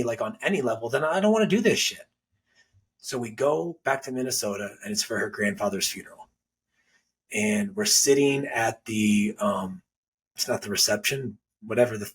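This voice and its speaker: Husky-voiced man telling a blunt story. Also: lowish voice, fairly bright tone, recorded from a distance. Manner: blunt, candid, swears casually. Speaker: guest. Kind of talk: storytelling in a podcast interview.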